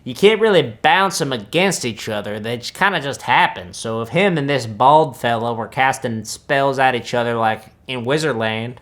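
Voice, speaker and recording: A young man doing comedic film reactions plays a bragging country-boy wizard: smug, deadpan, rambling in an easygoing drawl with folksy asides. The medium-pitched voice is natural and fairly bright, at normal speed with hardly any pauses.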